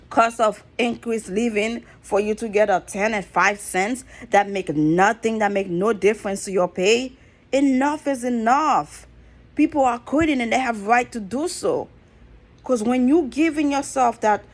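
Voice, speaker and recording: Woman, thirties, fairly high voice, fed-up vlog rant, emphatic and repetitive. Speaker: vlogger. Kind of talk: casual rant to camera.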